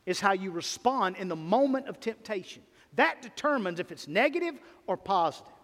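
A man's voice: sits high, big pitch swings, moderate pace, a bit bright. A man preaching a sermon as pastor, emphatic, his volume rising and falling. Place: church sanctuary. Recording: long reverb of a church sanctuary.

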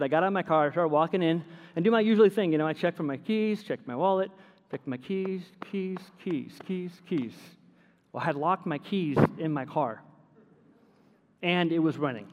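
A middle-aged man preaching a sermon as pastor, telling stories with self-deprecating humor. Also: fairly high pitch. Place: church sanctuary. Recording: long hall reverb.

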